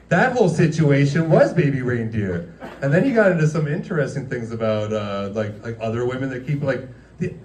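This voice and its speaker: A man's voice: medium pitch, darkish tone, a little hiss or hum. Man doing a loose, foul-mouthed roast in a restaurant room with a roomy echo. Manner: rambling, crude, laughs at his own jokes. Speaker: comedian roasting former coworkers. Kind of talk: stand-up roast.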